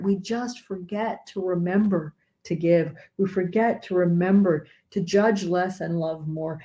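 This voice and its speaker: A woman gives a dharma talk, retelling a story with lively, earnest urgency. Her voice sits slightly low for a woman, and she keeps pressing her listeners with questions and repeated phrases. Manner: animated storytelling, earnest and urging. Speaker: Buddhist teacher.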